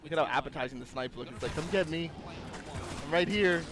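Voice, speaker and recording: A young man with a slightly high voice talks quickly while casually co-streaming a match, a watch-along livestream. He jokes and acts out what the players might be thinking, with music playing in the background.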